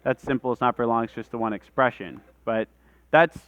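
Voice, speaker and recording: A man's voice: medium pitch, fairly quick, a bit bright, muffled recording, soft background music. A man leading a live workshop, explaining things in a conversational way and talking with his hands. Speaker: workshop presenter. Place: conference room with audience.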